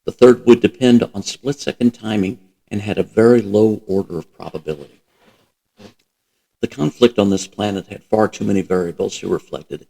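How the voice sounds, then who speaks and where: A man reading a novel aloud as host, in a steady, even narration. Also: fairly low pitch, creaky, rough recording. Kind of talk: audiobook-style reading.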